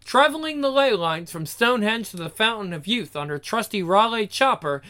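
A reader reading an absurd comic aloud, playful and deadpan. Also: mid-range voice, normal speed.

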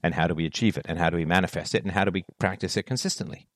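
A man delivering a solo monologue on virtue and relationships, firing off rhetorical questions with emphatic, animated delivery. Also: deep voice, rapid-fire, no echo, clean studio sound. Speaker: philosophy talk host.

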